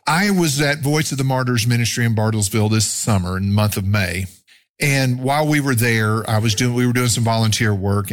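A man preaches from the pulpit in a mid-pitched voice. He reads scripture slowly, leaning on key words with rising emphasis, then picks up speed when he tells a story. The delivery is earnest and built for a congregation. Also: a bit bright. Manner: slow, emphatic scripture reading with rising stresses. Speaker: pastor. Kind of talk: sermon.

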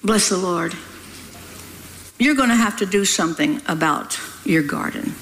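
A woman's voice: mid-range voice, lively intonation, unhurried, fairly bright tone, a little hiss or hum. An older woman preaching a sermon in a folksy, scolding way, often laughing as she talks. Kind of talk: sermon with read-aloud testimony.

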